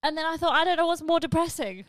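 A woman hosts her own podcast, spinning comic confessional stories at a quick clip. She is frank and sweary and mocks herself freely. The sound is close and dry, with no room around her. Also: very high voice, expressive, no room sound. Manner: frank, sweary, self-mocking. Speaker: podcast host.

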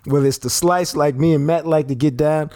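A man's voice: on the high side, steady tone, fairly quick, a little mellow, no echo, clean studio sound. A man co-hosting a sports podcast, talking bluntly and emphatically with plenty of slang. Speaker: podcast co-host. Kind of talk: casual sports talk and ad reads.

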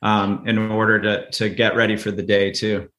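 A man's voice: on the low side, level tone, moderate pace, fairly bright tone. A man as a podcast guest, explaining family routines in easygoing casual talk and often repeating words as he goes. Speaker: podcast guest, parenting author. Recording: echoey room.

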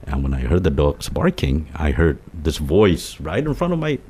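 Deep-voiced man from telling stories. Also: normal speed, slightly rough. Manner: rambling, animated storyteller with many restarts and quoted voices. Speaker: co-host telling ghost stories. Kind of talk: casual storytelling chat.

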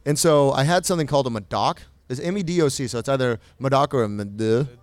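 A young man co-hosts a casual podcast in a smooth, resonant voice that sounds dry and close to the mic. He rambles playfully through his stories and fills them with likes and ums. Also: mid-range voice, fast talker, no echo. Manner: playful, rambling storyteller with lots of fillers. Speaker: podcast co-host. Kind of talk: casual chat.

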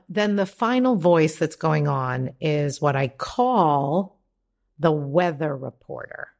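Low-pitched lady coach talking fast and blunt on a podcast, swears a lot. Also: vocal fry. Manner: emphatic, profane, acts out inner voices. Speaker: life coach guest. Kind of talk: podcast conversation.

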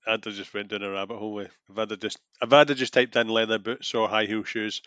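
A man's voice: fairly low pitch, little pitch movement, fast talker, fairly bright tone, no echo. A man co-hosting a podcast in casual chat, laughing along and restarting his sentences. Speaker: podcast co-host.

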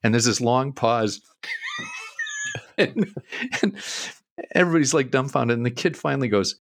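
Podcast guy telling a story, laughs a lot, swings his pitch all over, dry mic. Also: animated, normal speed, dry recording, shouting. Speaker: co-host. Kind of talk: casual storytelling.

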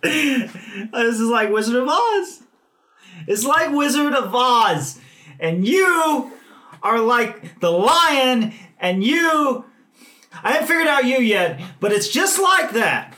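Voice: mid-range voice, big pitch swings, slow pace, bright, forceful tone, full character voice. A player doing a frazzled, lost wanderer. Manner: frantic, rambling and overwhelmed. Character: lost, bewildered male wanderer on a quest. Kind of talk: in-character tabletop role-play.

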